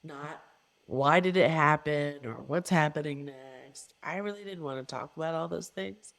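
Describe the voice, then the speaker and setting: A woman's voice: low-pitched, unhurried, creaky. A middle-aged woman, a coach, speaking as a guest in an interview with an earnest, emphatic manner and repeated phrases for stress. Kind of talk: reflective interview conversation.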